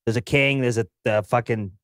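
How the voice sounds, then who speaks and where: A man's voice: medium pitch, fairly even intonation, a little fast, no room sound, clean studio sound. A man co-hosting a film podcast, rambling and laughing often as he swears freely. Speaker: podcast co-host. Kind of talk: casual chat.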